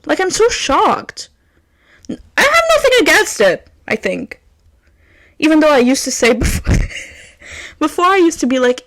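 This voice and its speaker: A young woman, hosting her own podcast and telling a story in casual chat, swinging from loud outbursts to hushed asides. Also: sits high, very animated, unhurried, pauses often. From Quebec, Canada. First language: French. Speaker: podcast host.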